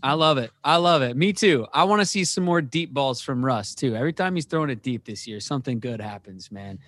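A man's voice: mid-range voice, animated, a little fast, fairly bright tone. A man co-hosting a casual sports podcast, talking in an enthusiastic, upbeat way. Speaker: podcast co-host.

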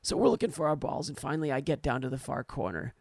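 A man putting on the voice of a golfer at a bar recounting a long, animated story of his round. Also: mid-range voice, quick pace, creaky, no room sound, studio quality. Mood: storytelling. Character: adult male golfer spinning a long tale.

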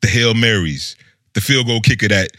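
A man co-hosting a casual chat, laid-back and animated, full of slang. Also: on the low side, moderate pace, no echo, studio quality. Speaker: co-host.

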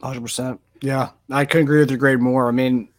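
Fast-talking podcast host, dry sound. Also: male voice, mid-range voice, little pitch movement, no room sound. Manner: agreeable, quick, with fillers. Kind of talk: casual sports chat.

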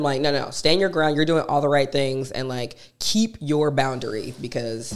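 A woman's voice: sits low, brisk, hardly any pauses, noisy background. Emphatic woman. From Athens, Georgia, US. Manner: emphatic, repeats key phrases, chatty asides. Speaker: podcast co-host. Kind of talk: casual advice chat.

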